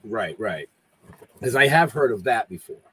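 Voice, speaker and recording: A man's voice: on the low side, sing-song, sharp tone, breathy edge, no room sound, poor audio. A man hosting a podcast, casually chatting with a guest and steering the questions. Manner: steers the conversation, quick affirmations. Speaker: podcast host. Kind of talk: casual chat.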